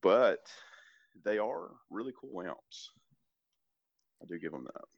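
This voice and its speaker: A deep-voiced man with a Southern US accent chats easily about his gear, often restarting his sentences. His voice is low and the sound is dry and a bit dull. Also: expressive, slow, vocal fry, dry recording. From American South. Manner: easygoing, rambling with frequent restarts. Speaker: podcast guest, church worship leader. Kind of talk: casual chat.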